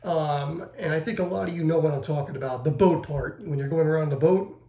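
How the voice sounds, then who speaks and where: A man's voice: fairly high pitch, a little fast, mellow, echoey room. A man giving a rambling spoken review of a video game, often restarting and repeating himself.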